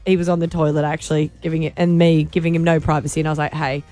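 A woman's voice: low-pitched, flat delivery, very fast, mellow. A woman, co-hosting morning radio and telling chatty, confessional stories with frequent laughs. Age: 40s. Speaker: radio breakfast co-host. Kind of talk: casual radio banter. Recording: radio studio with faint music bed.

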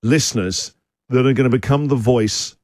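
A man hosting a radio breakfast show, chatting in an energetic, teasing way. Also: medium pitch, normal speed, dry recording. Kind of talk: upbeat radio chat. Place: radio studio.

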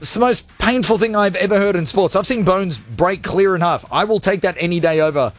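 A man's voice: sits high, fairly quick. A man hosting a live radio show, talking in a jokey, rambling, self-mocking way. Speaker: radio host. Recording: studio with music underneath.

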